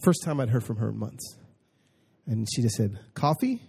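A man preaching a personal testimony, moving between hushed storytelling and excited exclamation and reading scripture slowly and emphatically. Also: on the low side, gravelly, breathy edge. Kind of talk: sermon testimony.

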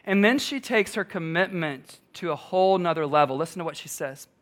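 A man's voice: on the high side, animated, a little fast. A male pastor preaching a sermon, emphatic, repeating key lines and putting questions to the congregation.

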